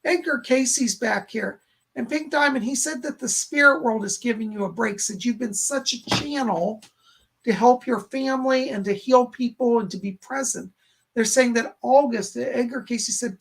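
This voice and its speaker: A man's voice: very high-pitched, moderate pace, vocal fry, a bit bright, slightly rough. A man hosting a live stream as a psychic medium, chatting reassuringly as he reads chat questions aloud and passes on messages. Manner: chatty and reassuring, with many "and she said" asides.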